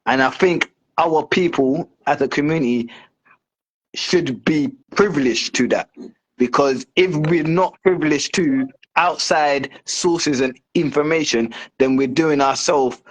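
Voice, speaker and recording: A man's voice: a little high, unhurried, low-quality recording. A man who is a guest in a casual discussion, explaining his view at length with many fillers and restarts.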